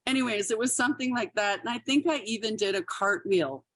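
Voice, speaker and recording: A woman's voice: a little high, brisk, fairly bright tone, no room sound. A middle-aged woman comedian telling stories in a casual interview, laughing often and acting out quotes. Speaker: podcast guest, comedian.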